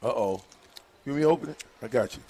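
A man's voice: mid-range voice, quick pace, mellow. A man hosting live on-location radio, bantering playfully and teasing the people around him. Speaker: radio host.

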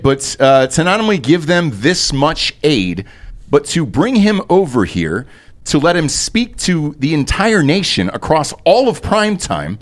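Rambling, animated man. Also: fairly high pitch, measured pace. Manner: loose, profane, rambling. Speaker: podcast co-host. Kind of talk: casual chat.

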